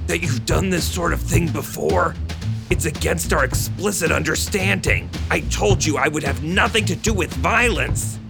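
A man's voice: moderate pace, creaky, music in the background. A man reading aloud and voicing a nervous, frightened male backer who pleads and protests in an agitated way. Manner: pleading, higher-pitched and agitated.

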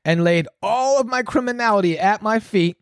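A man hosting his own podcast, tearing through a foul-mouthed, sarcastic, rambling rant. His voice sits on the higher side for a man, and the recording is dry and close. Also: normal speed, dry recording. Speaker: podcast host. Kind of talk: solo ranting commentary.

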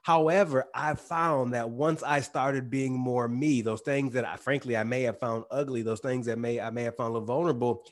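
A man with a slight twang speaks as a guest in a relaxed interview. His voice sits at an ordinary middle pitch. He talks in a loose, slangy way and often restarts his sentences. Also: moderate pace, hardly any pauses. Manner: casual, uses slang, restarts mid-sentence. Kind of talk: casual interview chat.

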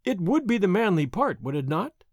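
A man reading the part of a proud, spirited young noblewoman, asking sharp, challenging questions. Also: sits high, sing-song, moderate pace, dry recording, studio quality, full character voice.

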